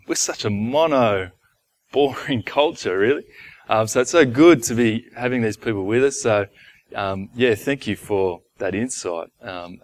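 A man preaching a sermon to his church in a relaxed, conversational way, with asides to the congregation. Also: medium pitch. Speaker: pastor. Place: church gathering.

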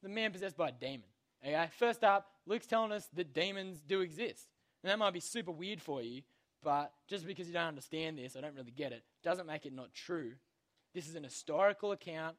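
A man's voice: a little high, animated, brisk, fairly bright tone. Slangy man teaching kids. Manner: casual, slangy, checks in with "okay?" constantly. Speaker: youth Bible teacher. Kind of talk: Bible lesson for kids.

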